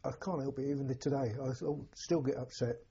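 An elderly man recalling his war years, halting and repeating words as emotion rises. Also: medium pitch, mellow, husky. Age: older. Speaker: war veteran interviewee. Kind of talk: personal recollection. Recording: dull lo-fi recording.

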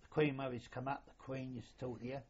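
Older man, husky, plain middle pitch, rambling chatty storyteller, dull lo-fi recording. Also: level tone, racing, a little mellow. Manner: rambling, colloquial, mild swearing. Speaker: interviewee, former royal yacht sailor. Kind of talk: casual reminiscing.

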